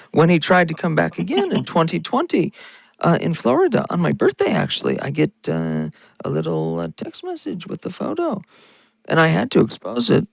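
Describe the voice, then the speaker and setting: Male podcast host, furious mocking rant, gravelly voice, dry close mic. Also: on the high side, darkish tone, no echo, poor audio. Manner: ranting, insulting, mocking. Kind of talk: angry political rant.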